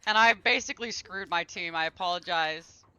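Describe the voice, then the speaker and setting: Male streamer, live gameplay commentary, grumbling and exasperated, very bright tense tone, high voice. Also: moderate pace, smooth, no echo, dull audio.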